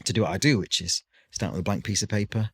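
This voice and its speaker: Guest caterer, British man in his 40s, low voice, rambling and chatty, lots of ums. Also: very fast, fairly bright tone, husky. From United Kingdom. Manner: rambling, chatty storytelling with many fillers. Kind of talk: casual podcast chat.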